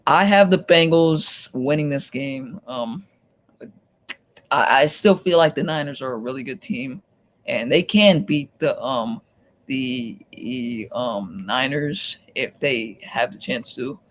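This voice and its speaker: A man's voice: medium pitch, takes it slowly, fairly bright tone, slight background noise. Loose, laughing stream host, a man. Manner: loose, laughs easily, corrects himself. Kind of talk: casual sports chat.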